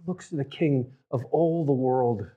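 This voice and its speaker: A male pastor preaching, his voice rising loud on key phrases and dropping to a hush on tender ones. His pitch sits mid-range. He talks in a storytelling way and drifts off the mic now and then. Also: moderate pace, lo-fi sound. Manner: storytelling with big swings from loud to hushed. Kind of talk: sermon.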